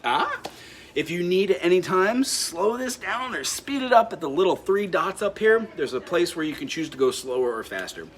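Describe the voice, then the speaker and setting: A man's voice: high-pitched, sing-song, normal speed. A man teaching a ukulele lesson in a friendly way, counting beats aloud and explaining scales and chords. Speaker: music teacher. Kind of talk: instrument lesson. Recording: ukulele playing behind the voice.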